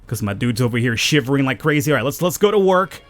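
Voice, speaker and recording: Chatty low-voiced man narrating gameplay. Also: animated, quick pace, soft background music. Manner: chatty, rambling, talks to the game characters. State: panicked, high and urgent. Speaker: let's play gamer. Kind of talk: casual gameplay commentary.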